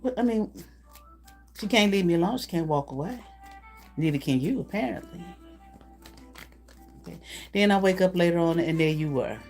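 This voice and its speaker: A woman's voice: on the low side, moderate pace, pauses often, a little mellow, faint music behind. Blunt, profane woman card reader. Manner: blunt, profane, frequent laughter. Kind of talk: live card-reading stream.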